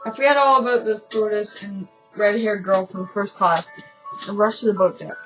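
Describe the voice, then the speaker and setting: A woman's voice: mid-range voice, steady tone, normal speed, faint music behind, poor audio. A woman reading a story game aloud in a casual let's-play, often stumbling and correcting herself, with chatty asides.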